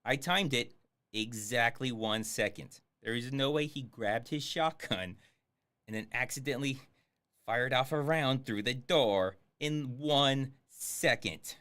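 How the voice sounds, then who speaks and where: A man's voice: mid-range voice, unhurried, fairly bright tone. A man giving sarcastic, swearing live commentary on a film as he streams it. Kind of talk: casual livestream commentary.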